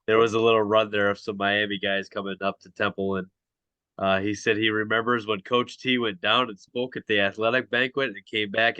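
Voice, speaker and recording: A male podcast host speaks in a steady, casual interview manner. His voice is bright and smooth, with a flat melody, and the recording is dry. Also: on the low side, no room sound.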